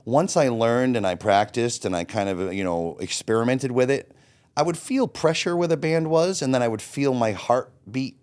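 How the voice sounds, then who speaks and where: A man's voice: mid-range voice, moderate pace. A man in his late forties, a guest telling his own story in a candid, blunt way, swearing freely and acting out his own past thoughts. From Florida. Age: 40s. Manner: blunt, swears freely, animated when quoting himself. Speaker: interview guest.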